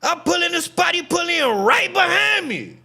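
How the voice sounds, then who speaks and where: High, animated, gravelly man. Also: moderate pace, slight background noise. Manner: animated, profane storytelling, often shouting. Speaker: streamer host. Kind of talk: casual live-stream commentary.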